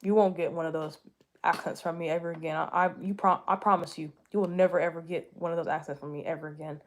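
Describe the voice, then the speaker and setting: A woman's voice: lowish voice, fairly even intonation, quick pace, slight background noise. A young woman from the United States chatting casually with viewers, rambling and correcting herself, with frequent jokes. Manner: rambling, self-correcting, jokey, with laughs. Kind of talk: casual chat answering viewers.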